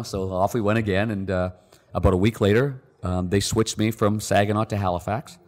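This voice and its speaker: A deep-voiced middle-aged man tells a story in a relaxed podcast chat and acts out the voices of the people in it. His voice carries a long reverb tail. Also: brisk. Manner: animated, acts out the quoted people. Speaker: podcast guest. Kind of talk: casual storytelling.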